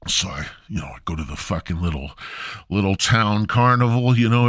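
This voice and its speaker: Deep-voiced man telling crude comic stories. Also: brisk, a bit bright, no echo, studio quality. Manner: rambling, crude, self-mocking. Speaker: podcast host. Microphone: podcast mic.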